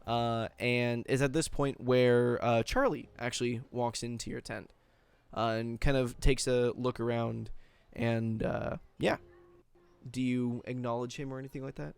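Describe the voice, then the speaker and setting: A man running a tabletop game as game master, narrating in a relaxed way full of fillers. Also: mid-range voice, a little slow, creaky, clear, resonant tone, no room sound.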